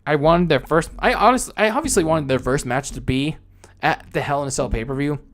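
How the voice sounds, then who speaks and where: A man's voice: a little high, a little fast, fairly bright tone. A young man hosting a wrestling podcast alone, talking casually in a frustrated, rambling way with many restarts and fillers. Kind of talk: casual solo commentary.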